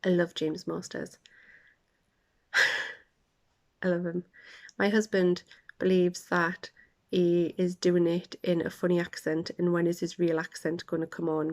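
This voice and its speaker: A woman hosting a casual podcast, chatting with laughter and dropping into quiet asides. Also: fairly low pitch, flat delivery, unhurried, gravelly, pauses often. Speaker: podcast host. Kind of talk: casual chat.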